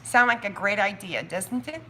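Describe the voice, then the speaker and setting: A woman hosts her own live stream in a loose, chatty way. She thinks out loud, drifts into quick asides and laughs easily. Her voice is bright and clear, at a middling pitch for a woman. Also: animated, slight background noise. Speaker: soap maker hosting a live stream. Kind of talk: casual livestream chat.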